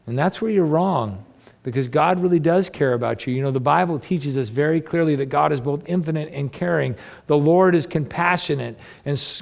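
Gravelly, earnest male preacher. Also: a little high. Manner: earnest preaching with rhetorical questions to the listeners. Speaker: pastor. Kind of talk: sermon.

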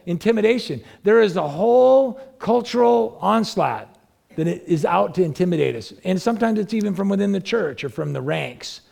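A male pastor delivers a sermon with a strongly gravelly, creaky voice pitched a little high for a man. He talks to the congregation conversationally, throws out rhetorical questions and climbs higher in pitch when he stresses a point. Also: a little mellow.

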